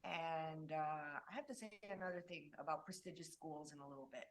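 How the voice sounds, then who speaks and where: A woman's voice: sits low, brisk, a little hiss or hum. A woman from Mexico talking casually about her schooling in graphic design, chatty and restarting her sentences often. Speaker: designer and guest. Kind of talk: casual conversation.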